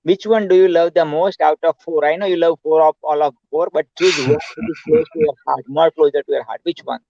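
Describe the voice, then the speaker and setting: A high-pitched man with as his hosts an online chat, effusive and full of repeated "man" and "buddy." The sound is dry and a bit dull. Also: a little fast, vocal fry, dry recording. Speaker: host. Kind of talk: casual video call chat.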